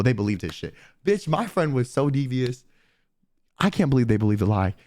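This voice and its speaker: A young male streamer with a mid-range voice tells a profane, animated story at a fairly quick pace in casual chat. He quotes people using put-on voices.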